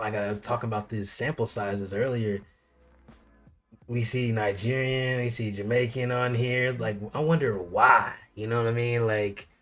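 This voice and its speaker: A man co-hosting a casual chat show, laid-back, tossing out loose rhetorical questions. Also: mid-range voice. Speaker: co-host. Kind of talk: casual chat reacting to a video.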